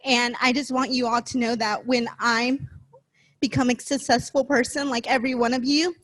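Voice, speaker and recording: Young woman recipient, emotional thank-you speech, slightly high voice. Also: flat delivery, moderate pace, a bit bright. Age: 20s. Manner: chatty, heartfelt, close to tears. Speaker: scholarship recipient. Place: banquet event.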